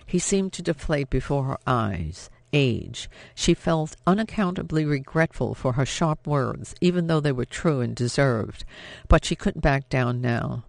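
A man reading an audiobook as narrator in a measured, even storytelling manner. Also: mid-range voice, vocal fry, no room sound. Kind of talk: scripted narration.

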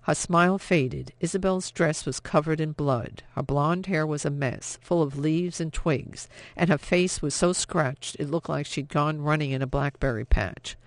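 Male audiobook narrator, measured delivery, gravelly voice, somewhat high, dry close sound. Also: dry recording. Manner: steady, measured storytelling. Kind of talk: scripted narration.

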